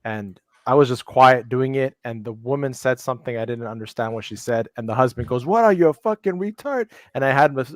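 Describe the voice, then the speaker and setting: A man's voice: medium pitch, level tone, fairly quick, hardly any pauses, dry recording. A man chatting as a guest on a live stream, telling stories animatedly and acting out quotes. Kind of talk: casual storytelling chat.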